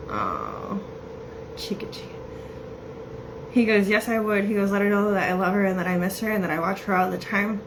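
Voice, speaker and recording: A woman giving a casual psychic reading, chatty and laughing often as she quotes messages in quick bursts. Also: medium pitch, very animated, background noise. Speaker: psychic medium.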